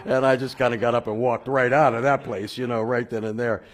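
A man telling his personal conversion story, halting with fillers and restarts, then growing animated and laughing at the funny parts. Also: mid-range voice. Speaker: speaker sharing a personal conversion testimony.

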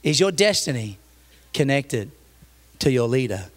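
A man with an Australian accent, a pastor giving a sermon, telling funny stories that build to loud, emphatic points. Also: mid-range voice, sing-song, a little slow. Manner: humorous storytelling, grows loud and emphatic. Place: church.

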